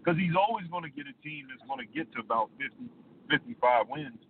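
Mid-pitched man, relaxed sports talk co-host, phone-quality line with faint hiss. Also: quick pace. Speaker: podcast co-host. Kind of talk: casual sports debate.

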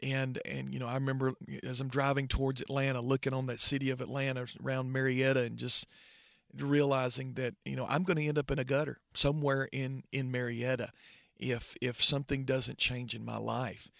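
Gravelly middle-aged pastor, earnest. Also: male voice, medium pitch, flat delivery, a bit bright, no echo, clean studio sound. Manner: earnest, halting with many restarts. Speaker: pastor, interview guest. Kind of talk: personal testimony in conversation.

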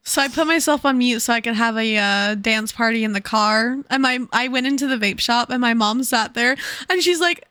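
A woman's voice: on the high side, a little fast, few pauses, pushed and bright, clean tone, no room sound. A woman co-hosting a casual book podcast, emotional and swearing often, laughing as she talks. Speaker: podcast co-host.

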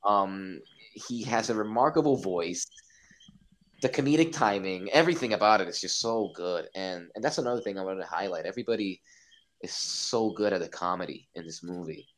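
Excitable man with a low voice. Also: normal speed, low-quality recording. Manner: excited, swearing, acts out his own reactions. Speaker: podcast guest. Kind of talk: casual podcast chat.

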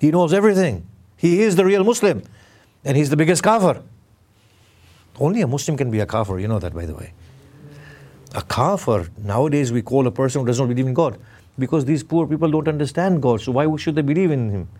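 A middle-aged man preaching a conversational sermon, putting questions to his listeners and slowing down to stress key words. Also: mid-range voice, animated, a little mellow. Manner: questions the audience, emphatic with sudden slow stresses. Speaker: Islamic preacher.

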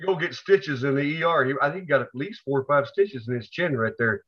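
A man co-hosting a casual podcast, telling family stories in an animated way and acting out the people in them. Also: fairly high pitch, a little fast. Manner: animated storyteller, acts out family members with yells. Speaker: podcast co-host. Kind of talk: casual storytelling chat. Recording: dull lo-fi recording.

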